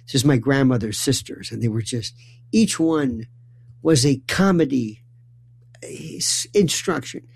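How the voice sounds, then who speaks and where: A man from New York telling a comic family story, acting out voices with stammering restarts and lively swings. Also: mid-range voice, creaky, no echo.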